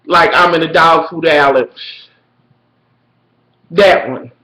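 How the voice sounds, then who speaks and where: A woman telling a profane, dramatic story to her viewers, swinging between shrill squeals and low mutters. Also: steady tone, takes it slowly, a bit bright, echoey room, poor audio. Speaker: vlogger. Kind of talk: profane storytelling rant to camera.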